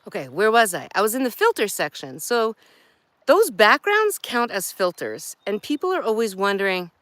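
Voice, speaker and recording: Lively, chatty woman vlogging outdoors. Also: mid-range voice, moderate pace, dry recording. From New York. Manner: direct, chatty, animated. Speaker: marketing coach and live streamer. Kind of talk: casual talking-head vlog. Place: outdoors by a creek. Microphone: phone held by hand.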